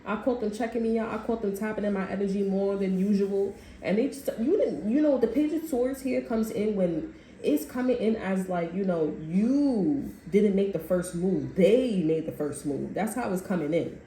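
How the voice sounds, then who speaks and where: A woman's voice: medium pitch, normal speed, dark tone. A woman giving a casual tarot reading, rambling in loose slang and acting out what people say. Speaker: tarot reader. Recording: echoey room with faint background noise.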